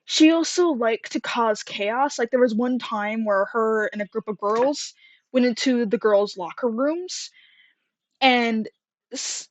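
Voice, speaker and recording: A young woman chats through a story time, rambling and filling pauses freely. She is a little out of breath and pitched slightly high. The recording is dull and dry, with a close, muffled sound. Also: no room sound. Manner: chatty, rambling, many fillers and laughs.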